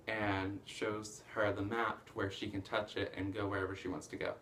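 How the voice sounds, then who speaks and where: Rambling male movie reviewer, casual, excited bursts. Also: fairly low pitch, moderate pace, background noise. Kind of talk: casual plot recap.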